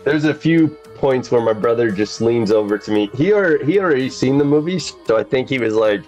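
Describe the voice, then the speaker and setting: A man's voice: mid-range voice, lively intonation, fairly quick, darkish tone, soft background music. A man talking in a casual chat about a film, rambling with many restarts and frequent laughter. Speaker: podcast host.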